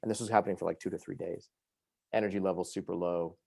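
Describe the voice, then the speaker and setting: Podcast guest: a very low-pitched, dark-toned man recounting his story at a brisk clip in a dry, close sound. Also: creaky, slightly rough, no echo. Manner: fast, lively, full of fillers like "you know" and "like". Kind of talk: animated personal storytelling.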